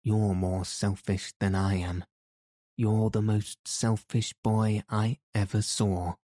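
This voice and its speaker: A man voicing a stubborn, sharp-tongued young girl with blunt, sour retorts. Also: fairly low pitch, flat delivery, slow pace, dry recording, studio quality. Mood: defiant.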